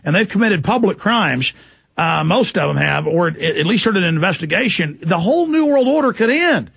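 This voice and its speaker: A man hosts a radio interview in a high, gravelly, husky voice. He pushes his points hard and urgently. The studio sound is dry and close. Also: animated, no room sound. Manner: forceful, urgent, rapid asides. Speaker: radio host.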